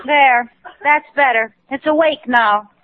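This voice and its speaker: A teasing, good-humored young wife. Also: female voice, high voice, slow, a loud crowd. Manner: dry teasing. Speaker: expectant wife. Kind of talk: 1940s radio sitcom acting. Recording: tinny old radio broadcast with hiss and audience laughter.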